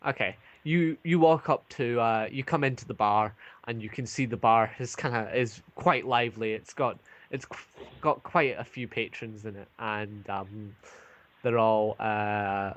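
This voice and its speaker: A man's voice: lowish voice, measured pace. A man narrating an online tabletop game as game master, hesitant, with many ums and restarts.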